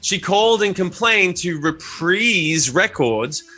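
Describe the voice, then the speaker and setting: A man's voice: high-pitched, expressive, slow pace, pushed and bright. A man co-hosting a podcast, telling loose, profane stories in casual chat. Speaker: podcast co-host.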